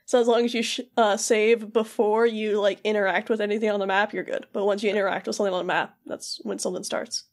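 A young woman co-hosting a podcast recaps a video game in loose, rambling chat packed with fillers, briefly voicing the characters in quick asides. Her voice sits at a medium pitch with little pitch movement.

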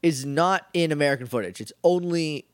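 Jokey man recapping an episode, higher voice. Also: fairly quick, dry recording, studio quality. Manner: jokey, acts out characters mid-recap. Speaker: podcast co-host. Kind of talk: casual chat recapping a TV episode.

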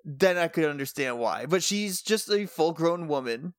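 A man co-hosting a podcast, trading jokes in casual chat. His voice is fairly high and swings widely in pitch. The recording is dry and close. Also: expressive, fairly bright tone, dry recording. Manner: quick to laugh, jokey. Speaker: podcast co-host.

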